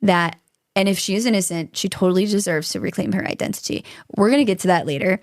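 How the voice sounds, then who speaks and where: A woman's voice: medium pitch, fast talker, no echo, clean studio sound. A woman hosting a true-crime podcast, talking casually and getting worked up, swearing freely. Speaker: podcast host.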